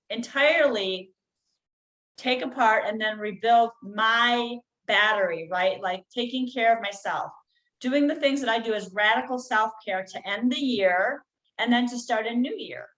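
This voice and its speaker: A middle-aged woman guest on a podcast, talking in an earnest coaching tone and slowing down to stress key phrases. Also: fairly high pitch, a bit bright, rough recording. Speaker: guest healer. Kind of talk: conversational podcast interview.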